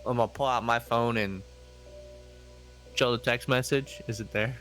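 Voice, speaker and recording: A man playing a tabletop horror game, animated and puzzled, asking a string of questions. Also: medium pitch, moderate pace, faint music behind. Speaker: player. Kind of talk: casual in-character play at a game table. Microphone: home streaming mic.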